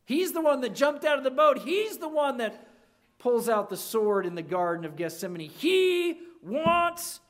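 A pastor preaching a sermon, swinging between loud emphasis and hushed, low lines, with emphatic repeated restarts. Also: sing-song, unhurried.

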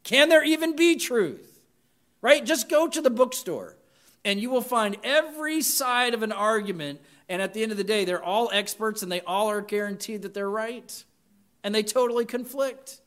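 A man's voice: sits high, normal speed, fairly bright tone. A man preaching a sermon to students, reading scripture with emphatic lists and chatty asides. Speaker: pastor.

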